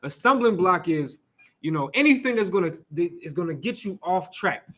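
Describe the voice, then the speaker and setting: High, bright-voiced man preaching casually. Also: expressive, normal speed. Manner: casual, conversational, rhetorical questions, occasional cursing; laughs and asides to the room. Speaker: teacher leading a scripture class. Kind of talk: informal sermon.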